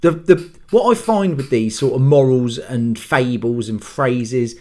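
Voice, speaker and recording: A man's voice: mid-range voice, a little slow, a little mellow. A man hosting his own channel, ranting to the camera about everyday annoyances in an exasperated, self-mocking way. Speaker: host. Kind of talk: casual rant to camera.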